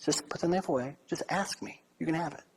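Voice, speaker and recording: A man voicing a calm elderly woman who speaks softly and steadily to a robber. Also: medium pitch, a little fast, husky, voice pushed down, rough recording.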